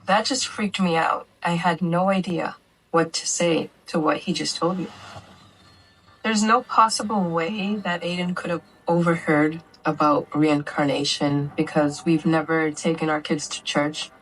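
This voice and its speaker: Low-voiced woman recounting her story earnestly. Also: fairly even intonation, unhurried, a little hiss or hum, low-quality recording. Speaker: mother telling her family's story. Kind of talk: documentary interview testimony.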